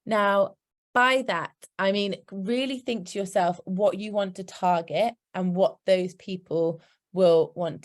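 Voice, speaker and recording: British woman, workshop presenter, practical, chatty, mid-pitched voice. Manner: upbeat, practical, chatty asides. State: hiccuping. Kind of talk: instructive presentation.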